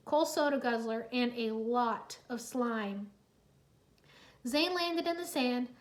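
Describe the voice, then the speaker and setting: A woman narrating a children's adventure story in a lively, expressive read-aloud. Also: high voice.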